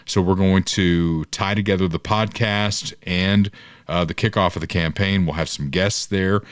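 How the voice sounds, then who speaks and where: A man's voice: low voice, fairly even intonation, a little slow, clean tone, no echo. A middle-aged man hosting a podcast in a folksy, upbeat way, chatting and reading sponsor plugs like a salesman. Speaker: podcast host and local political candidate. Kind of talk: casual podcast talk with sponsor reads.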